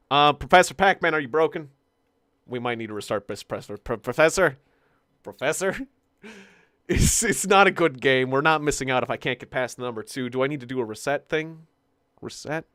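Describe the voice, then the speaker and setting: A man's voice: a little high, fairly bright tone, no room sound, clean studio sound. Jittery, stammering male game streamer. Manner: nervous, self-mocking, stammering restarts. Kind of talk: live gameplay commentary. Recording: game music playing behind. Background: game music.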